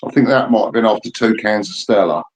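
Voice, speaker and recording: A man's voice: on the low side, quick pace, poor audio. A man, telling rambling, profane stories in casual chat. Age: 50s. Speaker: birthday guest telling stories.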